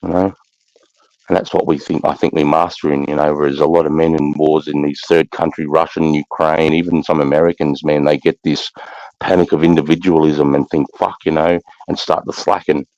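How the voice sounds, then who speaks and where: Brief: Australian ex-soldier, very low and gravelly, blunt and profane, dry muffled recording. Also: male voice, little pitch movement, brisk, a little mellow, dry recording. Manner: blunt, profane, keeps saying mate. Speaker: army veteran guest. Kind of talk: casual war storytelling.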